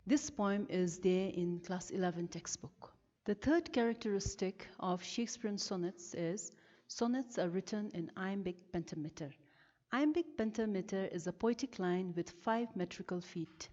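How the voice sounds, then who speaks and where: A woman teacher from Bhutan, giving a recorded lesson and explaining each term slowly and carefully, stressing the key words. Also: mid-range voice, mellow. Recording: lo-fi with long reverb.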